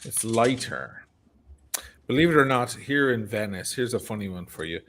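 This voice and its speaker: A man's voice: on the low side, expressive, moderate pace, fairly bright tone, a little hiss or hum. A tired, slightly drunk man with an Irish accent, hosting a loose chat, swearing freely and laughing. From Ireland. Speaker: podcast host. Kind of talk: casual late-night chat.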